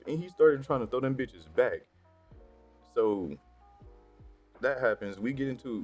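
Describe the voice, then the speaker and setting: Young man with a very low voice, profane casual storyteller, light music behind. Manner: profane, slangy, animated when worked up. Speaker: storytime vlogger. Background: faint background music.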